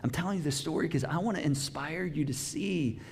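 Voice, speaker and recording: A middle-aged man preaching a sermon, telling a story with lively acted-out dialogue in a church auditorium. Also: on the high side, brisk, vocal fry, a little hiss or hum. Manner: animated storytelling, acts out dialogue. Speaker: pastor. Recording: long hall reverb.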